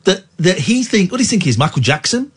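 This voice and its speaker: Male late-night radio host, husky and animated, indignant ranting. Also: high voice, quick pace.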